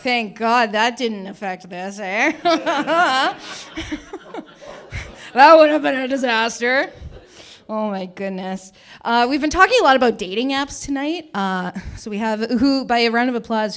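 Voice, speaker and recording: A woman's voice: a little high, expressive, measured pace, fairly bright tone. A young woman from Canada doing a chatty, self-mocking stand-up set at an open mic, laughing at her own jokes. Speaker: stand-up comedian.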